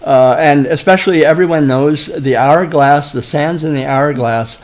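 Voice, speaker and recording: A man's voice: on the high side, normal speed, low-quality recording. A man hosting a live online audio room, chatting casually with lots of restarts, stalls and chuckles. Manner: rambling with many restarts and chuckles. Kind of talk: casual chat.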